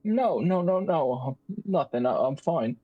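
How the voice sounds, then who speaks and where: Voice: medium pitch, takes it slowly, highs cut off. A game master voicing a nervous, brawny, wide-eyed man who stammers and hesitates through his answers in a tabletop game. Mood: flustered. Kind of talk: tabletop role-play character voice.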